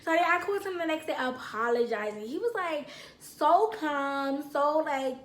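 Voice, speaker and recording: Animated high-voiced young woman telling a story. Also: moderate pace, reverberant. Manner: animated, acts out both sides of a quarrel. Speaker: vlogger. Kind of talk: casual storytime.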